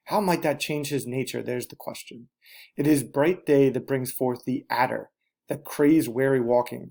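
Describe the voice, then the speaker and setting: A man voicing a torn, solemn Roman nobleman, reading slowly in a mock-Shakespearean manner. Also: medium pitch, creaky, a little mellow. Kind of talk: dramatic reading of a soliloquy.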